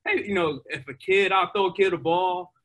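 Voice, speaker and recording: An excitable young man tells stories with energy and leans on lots of fillers. His voice is bright and a bit high for a man, and he jumps from one story to the next in a casual interview. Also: moderate pace. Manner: animated, excitable, many fillers. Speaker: guest, professional baseball player.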